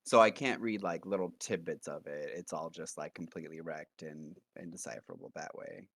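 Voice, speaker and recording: Man as a player, deep gravelly voice, dry close sound, laid-back questions. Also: brisk, fairly bright tone, no room sound. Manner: casual, questioning. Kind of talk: playing a tabletop game.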